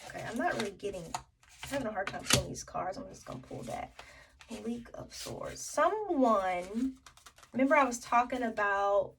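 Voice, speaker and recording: A woman's voice: on the high side, expressive, moderate pace, far from the mic, heavy background noise. A woman giving a tarot reading to her viewers, thinking aloud with many fillers and restarts. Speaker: tarot reader.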